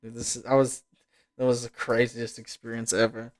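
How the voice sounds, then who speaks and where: A man's voice: medium pitch, monotone, moderate pace. A young man hosting a podcast, telling a story in easygoing, slangy casual chat and laughing often. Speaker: podcast host.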